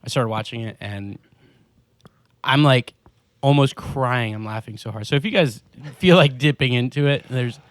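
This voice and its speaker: A man's voice: medium pitch, normal speed, no echo, clean studio sound. A young man in his twenties hosting a podcast, chatting casually with friends, rambling and laughing as he talks. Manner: laid-back, rambling with restarts and laughs. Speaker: podcast host. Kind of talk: casual chat.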